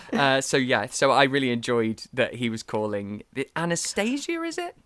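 A man's voice: medium pitch, sing-song, moderate pace, fairly bright tone, clean tone, no echo. A young British man hosting a podcast in casual chat, telling stories with animation and acting out the voices of the people in them. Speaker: podcast host.

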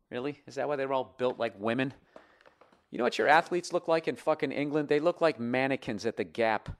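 A man holds forth on his comedy podcast in a profane, combative rant. He works himself up into loud bursts, then drops into low, mumbled asides. His voice sits in an ordinary middle pitch. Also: fairly quick. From United States. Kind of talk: ranting comedy podcast, reading listener emails.

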